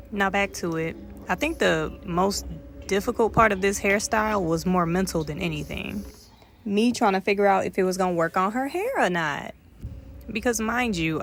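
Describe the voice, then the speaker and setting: A woman's voice: fairly low pitch, fairly bright tone, a little hiss or hum. A woman with a Detroit accent, chatting playfully and directly to her viewers in a casual mom vlog. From Detroit, USA. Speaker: mom vlogger.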